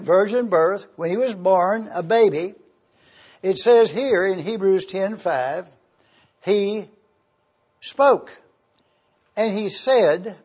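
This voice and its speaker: Male preacher, high husky voice, measured delivery, muffled lo-fi recording. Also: a little mellow. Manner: deliberate, spells out Greek words letter by letter. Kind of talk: slow expository sermon. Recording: dull lo-fi church recording.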